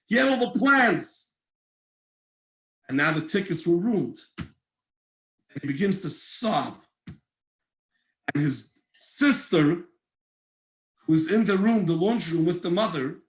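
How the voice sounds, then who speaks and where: A man, a rabbi, telling a faith story in an animated, emotional way and acting out its characters. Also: sits high, slow, pauses often. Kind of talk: storytelling lesson. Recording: echoey room.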